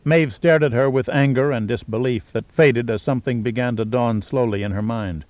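A man narrates a dramatic novel in measured, steady storytelling. The recording is dry and close, with a slightly dull, lo-fi tone. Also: medium pitch, no echo. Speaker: audiobook narrator. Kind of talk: scripted narration.

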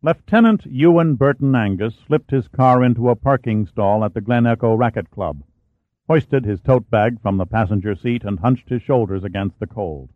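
A man reading an audiobook chapter in a steady, measured narration. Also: medium pitch, dry recording. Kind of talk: scripted narration. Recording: dry, tinny phone-like sound.

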